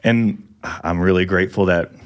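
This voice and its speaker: Deep-voiced man sharing a halting testimony. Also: steady tone, clear, resonant tone. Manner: halting, reflective, with many ums and restarts. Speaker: guest. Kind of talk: personal testimony in casual chat.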